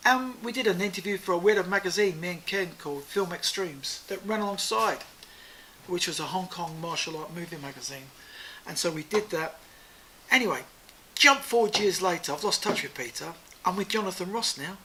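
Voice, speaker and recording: A man being interviewed, telling a rambling anecdote in an animated, casual way, swearing freely and repeating "I said" as he goes. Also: high-pitched, a little fast, slight background noise, rough recording. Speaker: interview guest.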